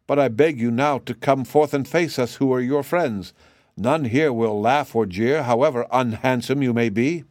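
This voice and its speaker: A man's voice: mid-range voice, moderate pace, darkish tone, no room sound, studio quality, lightly acted. A man voicing an anxious, devoted grown man who is searching for his lost brother. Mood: pleading. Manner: anxious, pleading.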